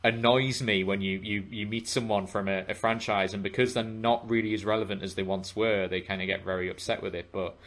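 A man's voice: lowish voice, steady tone, a little fast, hardly any pauses, a bit bright. A man co-hosting a podcast, telling stories in casual chat with plenty of fillers and restarts. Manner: rambling, self-correcting storyteller with frequent fillers. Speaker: podcast co-host.

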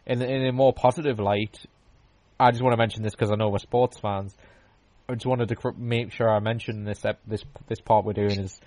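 A man's voice: fairly low pitch, darkish tone, no room sound, rough recording. A man hosting a podcast, chatting casually and rambling through stories with lots of restarts and fillers. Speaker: podcast host. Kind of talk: casual chat.

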